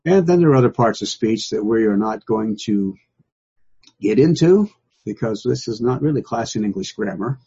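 An older man teaches a Bible study in a relaxed, folksy way, leaning hard on single words and saying them again to make a point. His voice is deeply husky and mellow, and the recording has a dull, lo-fi sound. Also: moderate pace. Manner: folksy and emphatic, repeats key words. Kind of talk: informal Bible study lesson.

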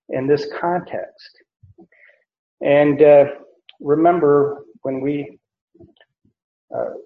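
Guy preaching verse by verse, real slow and halting, kinda dull lo-fi echoey recording. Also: fairly high pitch. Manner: slow, deliberate, with many pauses and fillers. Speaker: pastor. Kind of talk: verse-by-verse Bible teaching. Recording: echoey room, dull lo-fi sound.

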